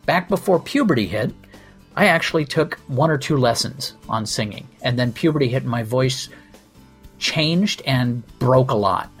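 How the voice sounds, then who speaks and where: A man's voice: mid-range voice, breathy edge. A man hosting a comedy podcast in a sardonic, profane, self-mocking monologue. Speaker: podcast host.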